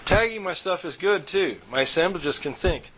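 Guy doing a blunt fisherman dude, stubborn, kinda gruff. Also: high-pitched, animated, moderate pace, pushed and bright, voice pushed up, full character voice, poor audio.

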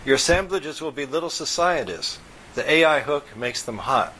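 A man reading as an excitable, reckless male tech inventor who talks in an eager, persuasive way. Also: moderate pace, a little hiss or hum. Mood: pushy. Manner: eager, persuasive salesman pitch.

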